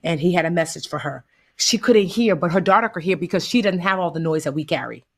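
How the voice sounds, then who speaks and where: A US woman guesting in a laid-back conversation tells animated stories, doing the voices of those she quotes and slipping in folksy asides. She has a lowish voice and a quick pace.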